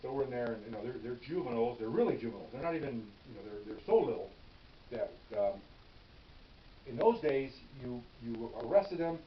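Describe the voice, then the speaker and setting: An older man, a veteran police officer, telling his stories in a casual, animated way, often restarting phrases and checking in with "okay?". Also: mid-range voice, a little fast. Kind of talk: casual storytelling. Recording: echoey room, distant mic, dull and hissy.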